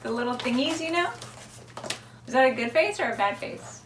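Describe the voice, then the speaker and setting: A woman's voice: high voice, lively intonation, moderate pace, noisy background. A woman chatting casually in a do-it-yourself craft vlog at home, rambling and joking at herself with little laughs. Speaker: vlogger.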